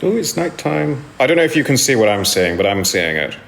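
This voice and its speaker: A man's voice: mid-range voice, very animated, brisk, creaky, fairly bright tone. A man chatting casually on a live stream from home, rambling and self-deprecating as he answers viewers' comments into his phone. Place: indoors at home.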